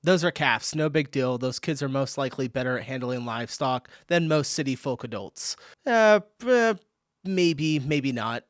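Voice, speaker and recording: A man's voice: mid-range voice, lively intonation, moderate pace, no room sound. Chatty American man in a dry room. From California, USA. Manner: chatty, laughing, reads comments aloud. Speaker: reaction video host. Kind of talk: casual reaction commentary.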